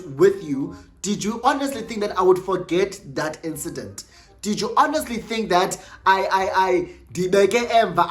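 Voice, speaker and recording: A woman voicing her petty ex-boyfriend in a calm, cool, cutting tone. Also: on the low side, close to an everyday voice. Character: petty cool-headed young ex-boyfriend, man.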